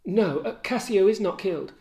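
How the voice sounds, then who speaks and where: A man doing a high, shrill outraged maidservant. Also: lively intonation, normal speed, mellow. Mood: urgent. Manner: high, cries out in alarm. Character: loyal, outraged female servant, middle-aged. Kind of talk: dramatic reading of a play.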